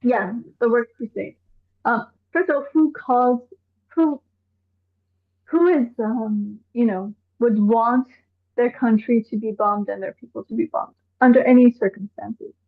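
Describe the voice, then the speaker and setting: A high-voiced woman from Iran speaks as a guest on a live show, sounding animated and exasperated as she poses one rhetorical question after another. Her voice comes over a thin, phone-like video call line. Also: a little slow. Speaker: activist guest. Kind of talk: live online discussion. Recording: tinny phone-like call audio.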